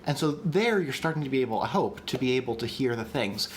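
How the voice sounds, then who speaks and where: Male streamer-teacher, mid pitch, loose and enthusiastic delivery, desk mic with faint background hiss. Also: lively intonation, brisk. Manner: chatty and enthusiastic, with many ums and restarts, reads chat aloud. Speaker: streamer teaching language construction. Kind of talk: casual live-stream lesson.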